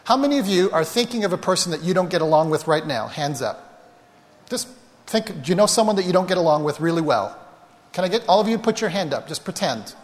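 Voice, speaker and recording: A man's voice: high-pitched, sing-song, quick pace. Chatty male pastor in a reverberant hall. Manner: conversational, self-deprecating, addresses the congregation directly. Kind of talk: sermon with personal stories.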